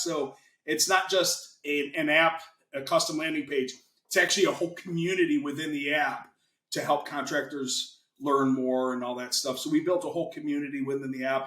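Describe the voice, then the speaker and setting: A man's voice: fairly high pitch, a bit bright, roomy sound. An American man talking as a guest in a casual interview, chatty and salesy. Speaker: guest, financing consultant.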